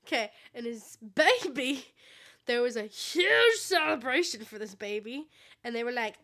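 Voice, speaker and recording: A woman's voice: fairly high pitch, very animated, a little slow, a bit bright. A woman co-hosting a podcast who retells a fairy tale in a giggly, rambling way. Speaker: podcast co-host. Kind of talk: casual storytelling chat.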